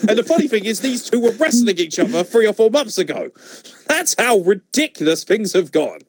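A man's voice: sits high, sing-song, fairly quick, breathy edge, no echo. A man co-hosting a casual review podcast, ranting sarcastically and swearing freely. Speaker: podcast co-host. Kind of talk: casual wrestling review chat.

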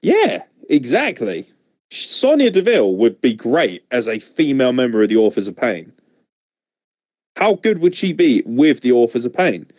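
A man riffing in a casual podcast chat, animated and opinionated, with plenty of swearing. His voice sits at an ordinary middle pitch. The recording is dry and close to the mic. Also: normal speed, no echo. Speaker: podcast co-host.

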